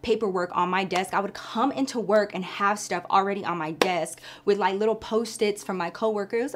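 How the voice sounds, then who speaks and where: A woman's voice: medium pitch, fairly quick, hardly any pauses, a little hiss or hum. Chatty woman telling a story. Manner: chatty and animated, addresses listeners as girl. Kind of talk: casual story time chat.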